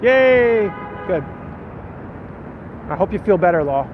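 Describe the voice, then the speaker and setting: A man's voice: on the high side, a little fast. Rambling man livestreaming from a city street. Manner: rambling, self-deprecating, reading comments aloud. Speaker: vlogger and stage actor. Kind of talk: casual live-stream chat while walking. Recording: muffled lo-fi phone audio with loud street noise.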